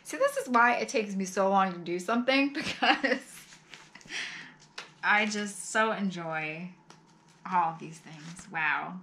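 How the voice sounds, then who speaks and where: Bright-voiced woman gushing over vintage mail. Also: medium pitch, slow pace, pauses often, slight background noise. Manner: gushing and exclamatory; often sighs and laughs softly. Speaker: vlogger opening fan mail. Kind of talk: casual chat.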